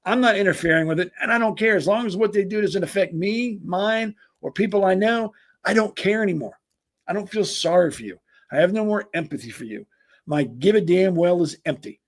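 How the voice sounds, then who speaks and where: Husky-voiced man ranting on a podcast. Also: high voice, a little fast. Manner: emphatic, repetitive, stumbling restarts. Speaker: podcast host. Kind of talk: ranting political commentary.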